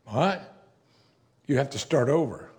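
In a mid-range voice and at a slightly slow pace, a man delivers an expository sermon conversationally. His manner is animated, and he occasionally has fun voicing the quoted lines of the story's characters.

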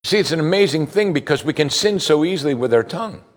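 A middle-aged pastor preaches, reading scripture aloud between remarks and putting pointed questions to the congregation. His voice is on the high side, animated, and fast.

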